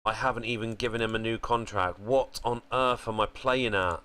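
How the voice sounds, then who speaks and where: Deep-voiced man commenting on gameplay. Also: normal speed, clear, resonant tone. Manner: chatty, thinks aloud, sudden excited outbursts. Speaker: gaming channel host.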